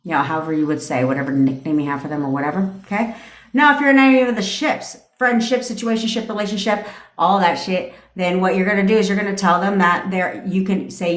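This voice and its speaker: A woman's voice: on the low side, fairly quick. Blunt, profane woman coach in an echoey room. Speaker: manifestation coach. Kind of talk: livestream pep talk. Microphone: phone.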